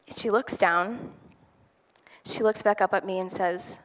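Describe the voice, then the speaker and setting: A woman's voice: medium pitch, steady tone, measured pace, long pauses. A woman telling an enthusiastic, chatty story as a motivational speaker on stage before a live audience. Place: stage in a large hall. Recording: long hall reverb.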